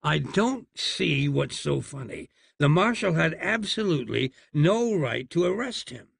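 A man's voice: on the high side, big pitch swings, unhurried, gravelly, breathy edge, dry recording, voice pushed up, exaggerated voice. A man voicing an exasperated, well-spoken young hero who talks with indignant precision in a storybook reading.

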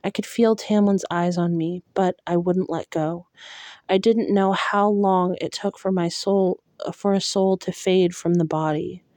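Slow, mellow woman reading a novel. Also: on the low side, fairly even intonation, dry recording. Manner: soft, unhurried and emotional. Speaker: audiobook reader. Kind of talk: reading a fantasy novel aloud.

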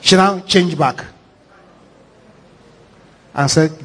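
A Nigerian man, a pastor, preaching a sermon with animated, repetitive, dramatic storytelling. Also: sits high, measured pace, long pauses, breathy edge. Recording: echoey hall reverb.

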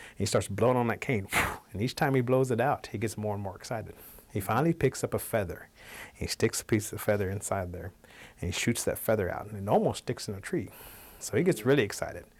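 A male storyteller with a lowish voice recounts an old animal tale. His delivery is relaxed and animated, and he shifts his tone as the story moves along. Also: brisk. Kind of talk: oral folk storytelling.

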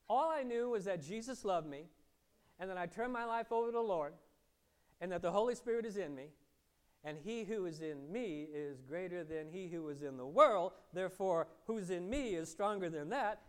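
High-voiced preaching man. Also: moderate pace, clear, resonant tone. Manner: preaching with many questions to the congregation; swings from loud emphasis to quiet, low asides. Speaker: pastor. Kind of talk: sermon.

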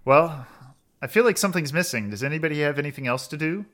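A man's voice: on the high side, animated, fast, fairly bright tone. A man casually paraphrasing a bossy teenage girl who leads her club, in an offhand, barely acted way. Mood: deflated.

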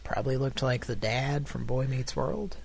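A man's voice: mid-range voice, normal speed, vocal fry, husky. A man co-hosting a prank call podcast who jokes around in casual banter and sometimes trips over his words. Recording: loud background noise.

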